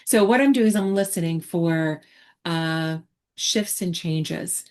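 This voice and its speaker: A woman therapist explaining her approach in a relaxed online teaching chat, talking reflectively with many fillers and restarts. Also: lowish voice, slow. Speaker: therapist presenter.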